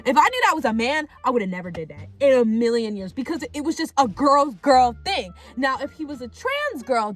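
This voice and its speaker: A young woman telling a casual storytime, rambling and animated, with lots of "like" and free swearing. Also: on the high side. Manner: animated, rambling, heavy use of "like", swears freely. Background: faint background music.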